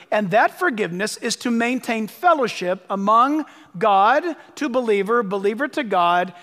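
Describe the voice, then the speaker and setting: A man's voice: high-pitched, a bit bright. A man preaching a sermon as pastor, speaking emphatically, repeating phrases for stress and urging listeners to write things down. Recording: long hall reverb.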